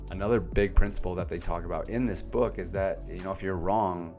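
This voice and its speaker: A young man in a casual vlog, summarizing a self-help book to camera with animated, emphatic delivery and plenty of fillers. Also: low-pitched, brisk, faint music behind. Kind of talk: casual energetic vlog talk.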